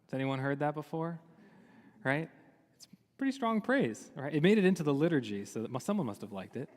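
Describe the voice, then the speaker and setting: A man, a rabbi, giving a sermon on the weekly Torah portion, telling it lively and asking many rhetorical questions. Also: fairly high pitch, a little fast. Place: synagogue sanctuary. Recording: long reverb of a large hall.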